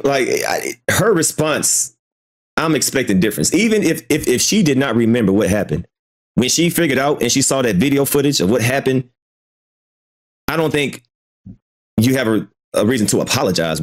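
A man talks through his reaction on a live commentary stream, circling back over his own words and cursing freely. His pitch moves around a lot, jumping high when he gets worked up and dropping low when he trails off. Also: big pitch swings, normal speed. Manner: hesitant, repeats himself, swears freely. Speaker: commentary channel host.

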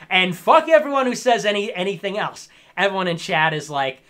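A man in his twenties giving a sarcastic, lecturing rant on a livestream, sometimes bursting into shouts. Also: sits high, fairly quick. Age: 20s. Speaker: streamer. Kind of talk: ranting livestream commentary.

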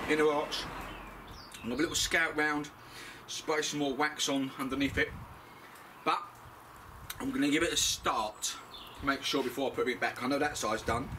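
Middle-aged British man with a slightly raised pitch, blunt and chatty, noisy outdoor recording. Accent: British English. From Britain. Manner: chatty, blunt and swears freely. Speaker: DIY car mechanic vlogger. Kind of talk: casual how-to commentary.

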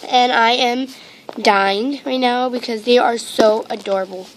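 Female toy vlogger, high-pitched and unhurried, gushing and full of ums, recorded on a handheld camera at home. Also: fairly even intonation, noisy background. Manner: rambling and gushing, with many ums and repeated exclamations. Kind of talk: casual unboxing chat to camera. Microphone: handheld camera mic.

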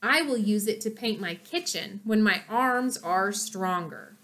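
A woman reading aloud, voicing a kind, gentle older woman in a soft voice. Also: mid-range voice, unhurried, close to an everyday voice. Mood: cheerful. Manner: soft, kindly.

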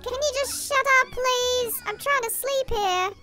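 A woman's voice: extremely high pitch, a little slow, pitched above the performer's own voice. A woman voicing a grumpy, sleepy little boy who whines and pleads to be left in peace. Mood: irritated. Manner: whiny, pleading.

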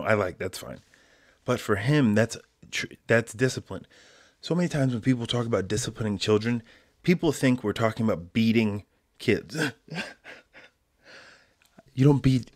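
A man with a low voice hosts a solo podcast and rants at length in loose, slangy speech, tossing in "bro." The sound is dry and close, with no room around it. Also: moderate pace, dry recording. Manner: animated ranting, slangy, says bro. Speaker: podcast host. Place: home, quarantine.

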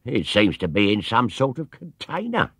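A man voicing a jovial, working-class male chimney sweep who talks loudly and chirpily. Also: mid-range voice, wildly swooping pitch, moderate pace, husky, no echo, studio quality, voice pushed up, exaggerated voice. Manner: chirpy, loud, chuckling, dialect speech.

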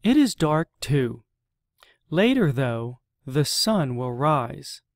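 A lonely storybook raccoon, earnest and simple, as a reader plays him, speaking plainly and unhurried. The voice stays close to an everyday reading voice and is recorded dry. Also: mid-range voice, very animated, dry recording.

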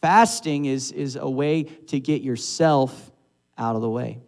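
A man's voice: mid-range voice, unhurried, creaky, a little mellow. A man preaching a sermon in a church sanctuary, speaking in a conversational way and asking his congregation questions. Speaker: pastor.

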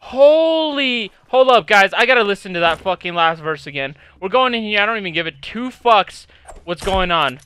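A man's voice: high voice, moderate pace, clean tone, no echo. Hyped, foul-mouthed young man gamer. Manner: excitable, heavy swearing, shouts when hyped. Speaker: gaming YouTuber. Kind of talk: casual gameplay commentary.

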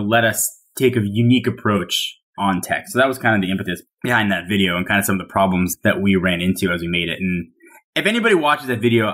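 A man guest on a tech podcast, talking casually and animatedly with many "like"s and restarts. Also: lowish voice. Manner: animated, filler-heavy storytelling.

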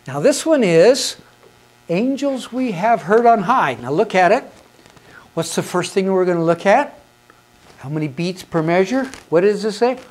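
A man's voice: high-pitched, lively intonation, measured pace, darkish tone. A man teaching hymn conducting in an instructional video, patient and encouraging, counting beats aloud and asking questions that he answers himself.

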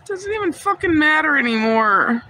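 Woman streamer, very high voice, profane bitter rant, noisy clip audio. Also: very animated, normal speed. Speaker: livestreamer. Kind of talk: angry livestream rant. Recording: livestream clip with background noise.

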